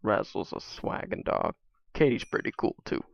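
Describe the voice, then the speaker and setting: Rambling teenage boy with a gravelly voice. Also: lowish voice, huge pitch swings, normal speed, no echo, lo-fi sound. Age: teens. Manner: rambling, many fillers, drifts off mid-thought. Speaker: gaming vlogger. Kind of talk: casual chat while playing a game.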